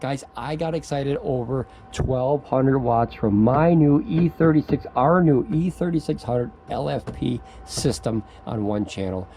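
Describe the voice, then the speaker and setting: A man's voice: mid-range voice, unhurried, hardly any pauses, warm tone, faint music behind, low-quality recording. A man making an off-the-cuff product review video outdoors, rambling and stammering, getting giddy and laughing as he talks.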